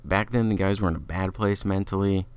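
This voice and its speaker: A man's voice: low voice, fairly even intonation, a little fast, a little mellow, clear, resonant tone. A man giving a casual, opinionated music review, talking loosely with lots of fillers. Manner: opinionated, chatty, filler-heavy.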